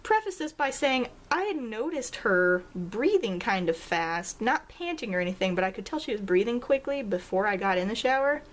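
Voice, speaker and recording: A young woman talks to her viewers in a loose, chatty vlog. She tells a story with animated swings in pitch and bursts of laughter. She jumps up high whenever she acts out a quote. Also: moderate pace, hardly any pauses. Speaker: vlogger.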